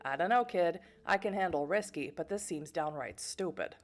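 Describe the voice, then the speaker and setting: A woman voicing a blunt, wisecracking male vampire informant with a gravelly voice. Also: on the high side, moderate pace, lightly acted. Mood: skeptical.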